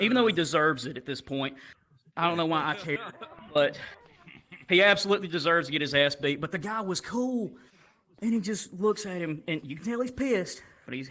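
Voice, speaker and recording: A man's voice: high-pitched, sharp tone, poor audio. A man, telling crude, profane stories as a stand-up comedian on a livestream.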